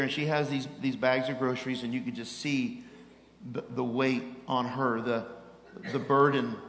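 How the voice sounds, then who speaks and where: A middle-aged man preaching as an evangelist, telling a story in an animated, self-mocking way that swings from loud exasperation to hushed tones. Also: medium pitch, slight background noise. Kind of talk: sermon storytelling. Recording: echoey hall with long reverb.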